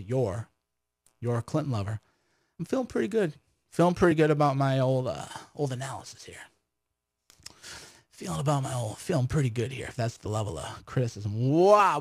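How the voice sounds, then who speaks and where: A man's voice: a little high, no echo, clean studio sound. A man hosting a call-in livestream, chatty, brash and sarcastic, talking casually with callers.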